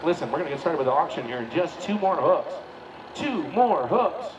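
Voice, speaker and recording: A man announcing a tractor pull live, joking folksy banter with drawn-out hype calls. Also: a little high, animated, dull audio, crowd noise. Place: outdoor tractor pull track. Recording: distant PA at a loud outdoor event.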